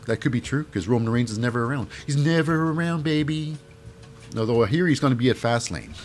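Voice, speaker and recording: A man's voice: mid-range voice, racing, a little mellow, soft background music. A man giving a casual, jokey recap of a wrestling show. He rambles and fills his talk with "uh" and "you know".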